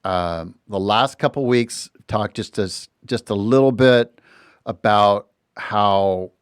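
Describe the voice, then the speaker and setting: A man's voice: on the low side, slow, clean tone, dry recording. A middle-aged man hosting a podcast from a recording studio, telling a story casually and animatedly, acting out other people's lines as he goes. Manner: animated, slips into voices when quoting others. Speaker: podcast host.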